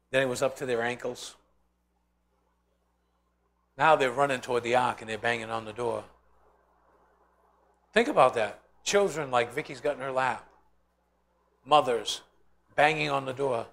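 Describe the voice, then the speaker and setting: A man's voice: mid-range voice, normal speed, creaky, long pauses, fairly bright tone. A man teaching a Bible study in an informal sermon style, telling stories animatedly and acting out the voices of the people in them.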